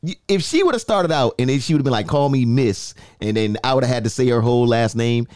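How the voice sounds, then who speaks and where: A man's voice: mid-range voice, expressive, fast, darkish tone, dry recording, studio quality. A man hosting a podcast, bantering and joking in casual, slangy talk. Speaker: podcast host.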